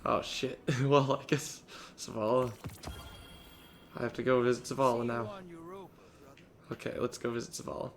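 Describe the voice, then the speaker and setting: A man's voice: medium pitch, flat delivery, normal speed, pauses often, faint music behind. A sick man hosting a casual let's-play, rambling and losing his train of thought as he plays. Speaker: gaming let's-play host. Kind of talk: casual gameplay commentary.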